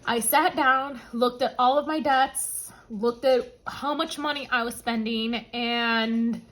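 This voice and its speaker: A woman's voice: a little high, steady tone, takes it slowly, a bit bright, poor audio. A woman hosting a budgeting vlog, telling a personal story with emotion and calling her viewers y'all. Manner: emotional, tearful at times, addresses viewers as y'all. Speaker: budgeting channel host.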